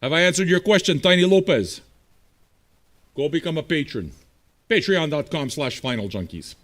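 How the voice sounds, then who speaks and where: Profane, lively-voiced man host. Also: fairly high pitch, moderate pace. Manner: blunt, profane, combative banter. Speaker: streaming radio DJ host. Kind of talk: casual livestream chat answering viewers.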